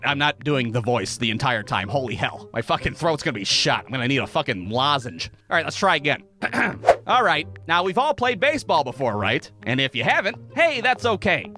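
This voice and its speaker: A man with a high, bright voice tells a comedy story, swinging his pitch all over the place. He sounds sarcastic and mock-exasperated and swears constantly. Faint music plays underneath. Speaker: comedy narrator.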